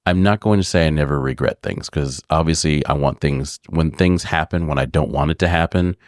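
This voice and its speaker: A man co-hosting a podcast, telling a story in an animated, casual way and swearing freely. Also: extremely low pitch, brisk, no room sound, studio quality. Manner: animated, swears freely, acts out voices in his stories. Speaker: podcast co-host.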